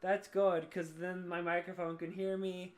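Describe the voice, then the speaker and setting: A man co-hosting a podcast while drunk, rambling loudly and swearing in casual chat. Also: sits high, little pitch movement, measured pace, clear, resonant tone. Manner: rambling, loud, profane. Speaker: podcast co-host. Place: at home, on the floor.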